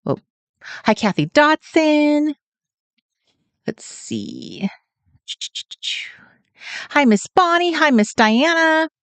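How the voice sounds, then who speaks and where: A woman's voice: high-pitched, big pitch swings, very slow, long pauses, fairly bright tone, no room sound. Giggly, sing-song woman livestream host. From California. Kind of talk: casual livestream chat, greeting viewers. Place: home, at night.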